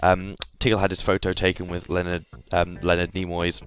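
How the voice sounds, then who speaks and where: Fairly low-voiced Englishman narrating photos. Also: completely flat delivery, moderate pace, clean tone, faint music behind. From England. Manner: chatty, hesitant, lots of fillers. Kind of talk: casual voice-over commentary.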